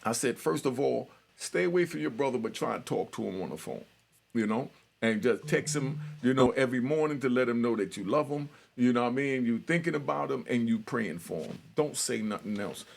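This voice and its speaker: A man's voice: mid-range voice, animated, a little fast, gravelly. A middle-aged man casually telling a street story in his own talk, acting out both sides of phone calls. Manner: street-talking, retells conversations with quoted voices. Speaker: storyteller host.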